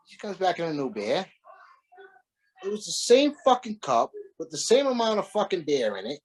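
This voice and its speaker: A man's voice: high-pitched, moderate pace, slightly rough. A man spinning a rowdy anecdote, his voice leaping up and down as he gets worked up. He swears freely and laughs through the telling, in a loose, conversational interview. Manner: animated, profane, laughing storyteller. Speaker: guest, former wrestler. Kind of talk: casual storytelling interview.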